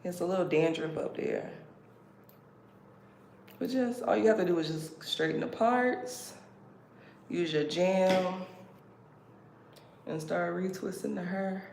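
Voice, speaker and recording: A woman's voice: lowish voice, takes it slowly, creaky, pauses often, a little mellow. Woman, livestream host, casual chat, playful, roomy echo. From United States. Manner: chatty, laughing, playful. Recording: roomy echo, background noise.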